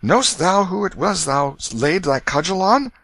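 A man's voice: sits high, lively intonation, unhurried, a bit bright, no room sound, voice pushed up, exaggerated voice. A man reading aloud, voicing a male stranger at the door who urgently warns of danger. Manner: urgent, warning.

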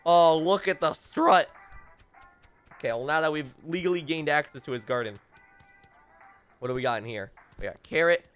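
A man's voice: on the high side, normal speed, long pauses, fairly bright tone, soft background music. A young man doing playful gameplay commentary as a let's play host, teasing and mock-dramatic, talking straight to the game characters.

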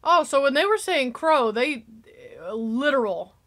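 Woman reaction host, lively swooping delivery, chatty and gushing. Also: sits high, measured pace, a little hiss or hum. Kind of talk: casual reaction commentary.

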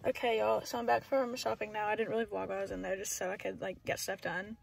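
A woman's voice: medium pitch, little pitch movement, quick pace, gravelly. A teenage girl, chatting in a rambling, filler-heavy way while vlogging into her phone from her car. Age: teens. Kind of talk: casual vlog chat. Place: inside a parked car. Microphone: phone camera.

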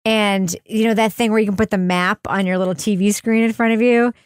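A woman's voice: mid-range voice, fairly even intonation, brisk, clean tone, dry recording, studio quality. A woman hosting a podcast in casual chat, giggly and rambling, often laughing at herself. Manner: giggly, rambling, self-deprecating. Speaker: podcast host.

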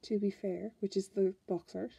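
Irish girl flipping thru a card deck, kinda breathy husky voice, chatty n rambly. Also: medium pitch, flat delivery, normal speed, mellow. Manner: chatty, musing, trails off and restarts. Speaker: tarot card reviewer. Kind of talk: casual deck flip-through.

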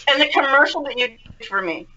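A woman's voice: high-pitched, fairly even intonation, a little fast, pushed and bright. A woman guest in a casual podcast chat, gushing and laughing often. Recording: dull lo-fi call audio.

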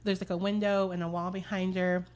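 Animated young woman telling a story. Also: lowish voice, a little fast. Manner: animated, laughs often, swears freely. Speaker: guest. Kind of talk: casual chat, storytelling.

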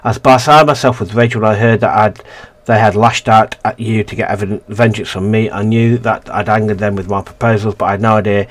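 A man's voice: on the low side, fairly even intonation, a little fast, few pauses. A man casually reading a narrative game's text aloud and commenting, often stumbling and correcting himself. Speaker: let's-play gamer.

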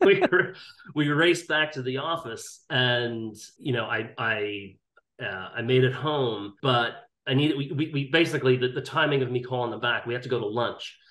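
A middle-aged man spins a lively anecdote as a guest on an interview over a video call. His voice sits at an ordinary middle pitch for a man. The sound carries a roomy echo. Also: moderate pace. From Ireland. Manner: animated anecdotal storyteller. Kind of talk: casual interview chat.

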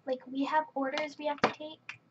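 A woman's voice: sits high, little pitch movement, normal speed, background noise. A woman giving casual, chatty running commentary while playing a game, often exasperated with other players. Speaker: gaming channel host. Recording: dull lo-fi mic with faint keyboard clicks.

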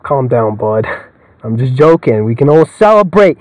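A man's voice: mid-range voice, big pitch swings, moderate pace, a little mellow, no echo, poor audio. Rambling young man gaming, dry close mic. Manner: rambling, joking, swears a lot, laughs often. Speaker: gamer. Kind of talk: casual let's-play commentary.

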